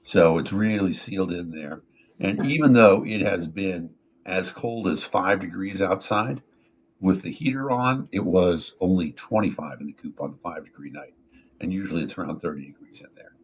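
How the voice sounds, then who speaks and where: A man's voice: sits low, normal speed, breathy edge. A man hosting a casual talk show, telling stories in a rambling way full of fillers and restarts. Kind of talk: casual chat, storytelling.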